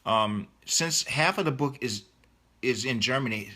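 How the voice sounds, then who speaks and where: A man's voice: medium pitch, measured pace, bright, forceful tone. A middle-aged man, an author, chatting casually in a live Q&A as he reads out viewer questions and answers them with enthusiasm.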